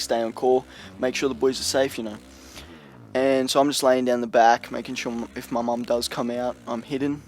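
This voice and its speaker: Slight background noise sits under a young man's mid-range voice as he tells a rambling story for his vlog. He leans heavily on slang and keeps dropping "like" and "you know."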